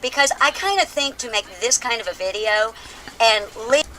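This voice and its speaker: An older woman, a video creator, rants at a troll in a vlog monologue that is brash, profane and sarcastic. Her voice sits on the high side and sounds animated and sharp at a moderate pace, with slight background noise.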